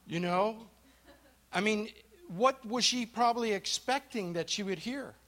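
A man's voice: high voice, measured pace. A man teaching an interactive Bible study to a live group, telling the story and asking his listeners questions. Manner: asks the group questions and thanks responders; storytelling, drops to a hush for dramatic moments.

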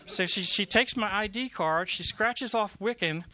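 A man working in prison ministry tells an emphatic, animated faith testimony with repeated phrases. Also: high-pitched, unhurried. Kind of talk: testimony storytelling.

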